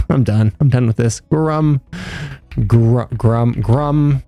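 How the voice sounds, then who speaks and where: Faint music plays behind a young man streaming a game, his medium-pitched voice warm and very slow. He talks casually with his viewers, wandering off on tangents, cracking jokes, and mocking himself.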